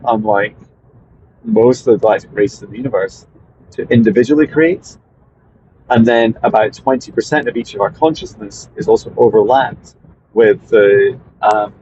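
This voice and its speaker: A man, a spiritual mentor, talking casually to his viewers in a meandering way, often pausing and restarting. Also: fairly low pitch, a little mellow, dull audio, slight background noise. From Scotland. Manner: meandering, hesitant with fillers and restarts.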